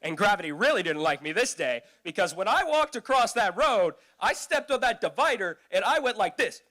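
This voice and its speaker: A young man performing a stand-up comedy routine, telling a story with lively shifts and squeaky put-on voices for the people he quotes. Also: moderate pace. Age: young adult. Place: youth event stage.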